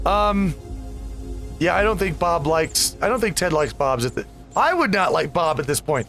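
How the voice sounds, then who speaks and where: A man's voice: on the high side, sing-song, normal speed, gravelly, a bit bright, soft background music. A man hosting a casual let's play, rambling and easily distracted with chatty asides. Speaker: gaming video host.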